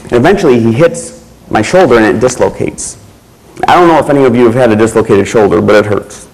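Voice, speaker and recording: A man giving a keynote speech, telling a personal story in a slow, measured way with pauses. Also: medium pitch, creaky, darkish tone, low-quality recording. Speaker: keynote speaker.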